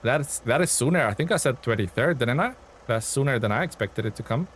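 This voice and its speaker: An excitable man chatting casually on a live game stream. His voice sits in a middle pitch, and he talks readily to his viewers while he plays. Faint noise hums behind him. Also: fast.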